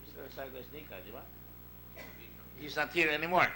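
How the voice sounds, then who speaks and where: Emphatic Filipino senator, bright voice. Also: male voice, fairly high pitch, quick pace, poor audio. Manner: emphatic, digressive, reads out past exchanges. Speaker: senator chairing a committee hearing. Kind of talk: formal hearing questioning. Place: senate hearing room.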